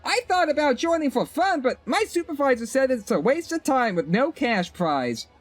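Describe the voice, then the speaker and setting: A man voicing a chatty young female shopkeeper in a strained high falsetto, with bubbly sing-song customer-service chatter. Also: very animated, moderate pace, dry recording, faint music behind, exaggerated voice. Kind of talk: game dialogue voiced by a streamer.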